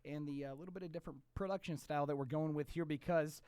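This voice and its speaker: A man co-hosting a casual podcast, loud, joking and profane as he opens the show. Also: a little high, steady tone, fast talker, clear, resonant tone, no room sound. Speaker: podcast co-host. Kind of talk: casual chat.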